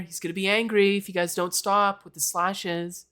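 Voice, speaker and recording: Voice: medium pitch, level tone, moderate pace, hardly any pauses, bright, forceful tone, clear, resonant tone. A young adult from Canada, chatting casually and rambling on a live stream while reacting to chat. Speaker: livestreamer.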